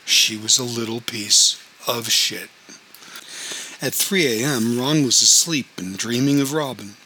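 A man narrating an audiobook in an even, plain way. His voice is bright and crisp, and a faint hiss sits under the recording. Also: medium pitch, measured pace, poor audio. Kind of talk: audiobook story reading.

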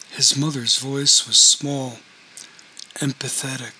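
Slow, bright-voiced male narrator. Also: medium pitch, a little hiss or hum, low-quality recording. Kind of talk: audiobook narration.

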